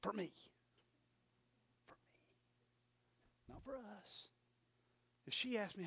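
A man preaching in a high, gravelly voice. He tells a personal story and moves between quiet, close storytelling and loud, emphatic preaching. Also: takes it slowly, long pauses.

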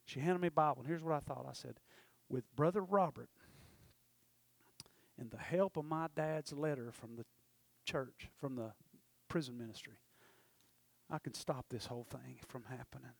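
A man preaching a testimony, storytelling with passion and swinging from loud to hushed. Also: medium pitch, moderate pace, creaky, no echo. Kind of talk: sermon testimony.

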